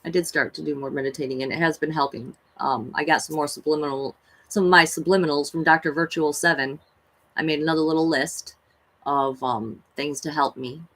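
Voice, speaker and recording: A woman with a deep, fairly even, brisk and slightly bright voice tells spiritual stories on a tarot livestream, heard through a rough recording. She rambles in a casual, chatty way full of fillers, gushing with awe whenever she talks about animals.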